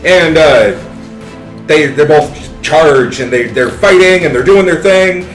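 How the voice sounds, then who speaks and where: A man narrating a tabletop game as game master in a profane, animated storytelling manner, in an echoey room with background music. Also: fairly high pitch, slow.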